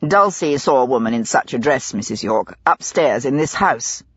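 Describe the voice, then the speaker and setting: A woman voicing a stern, hot-tempered male police inspector who speaks gruffly through clenched teeth. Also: mid-range voice, expressive, moderate pace, fairly bright tone, no room sound, lo-fi sound, pitched below the performer's own voice. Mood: questioning. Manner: gruff and clipped, ground out between teeth.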